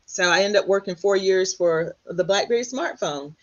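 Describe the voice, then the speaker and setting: A middle-aged woman from Texas, a guest telling her story in an animated way, often acting out what others said. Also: medium pitch, normal speed. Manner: animated, quotes others in lively voices. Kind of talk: storytelling in conversation. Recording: dull lo-fi sound.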